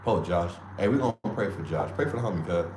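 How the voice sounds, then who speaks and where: A fast-talking man with a low, expressive voice hosts a livestream, keeping the commentary loose with slang, trash talk and lots of laughter. Noise fills the background of an echoey room with faint ambience.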